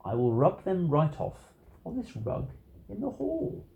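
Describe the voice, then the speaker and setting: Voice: medium pitch, wildly swooping pitch, a little slow, creaky, narrow, tinny audio, voice pushed up, heavily acted. A storybook reader voicing a mischievous cat in a tall hat, playful and breezy in a sing-song manner. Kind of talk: storybook reading.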